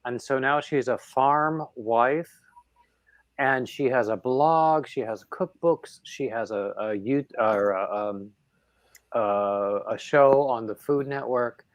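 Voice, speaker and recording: A man chats slowly and at an easy, unhurried pace as he hosts a livestream. He rambles, with plenty of fillers and restarts, at a middling pitch. His voice is close and dry, with no room sound. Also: dry recording. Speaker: livestream host. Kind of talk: casual chat on a livestream.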